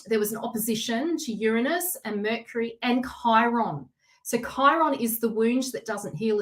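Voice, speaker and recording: A woman with a slightly high voice hosts a casual live tarot reading. She talks in a chatty, excitable way, laughing often and speaking to her viewers by name. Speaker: tarot reader hosting a live stream.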